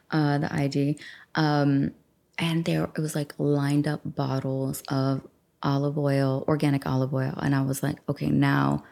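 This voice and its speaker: A woman's voice: sits low, vocal fry, mellow. A woman hosting a self-help podcast, talking casually into a studio microphone, chatty and affirming, guiding listeners through journaling. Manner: chatty, affirming, acts out her own thoughts. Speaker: podcast host and life coach. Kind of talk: casual guided journaling talk.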